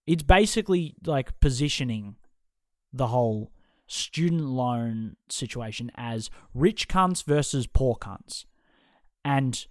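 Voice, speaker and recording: A man's voice: mid-range voice, dry recording, studio quality. A young man hosting a podcast, ranting heatedly and swearing constantly as he picks apart someone's opinions. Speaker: podcast host. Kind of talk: casual podcast rant.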